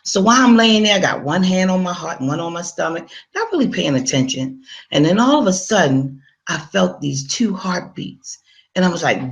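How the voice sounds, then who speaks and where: A woman's voice: lowish voice, animated, moderate pace, creaky. A woman giving a personal testimony in a conversational storytelling manner, speaking straight to her listeners and acting out her own past dialogue.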